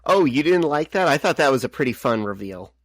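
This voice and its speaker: A man's voice: mid-range voice, big pitch swings, brisk, dry recording, clean studio sound. A man co-hosting a podcast, explaining with enthusiasm why he likes a scene. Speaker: podcast co-host. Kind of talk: casual comic book discussion.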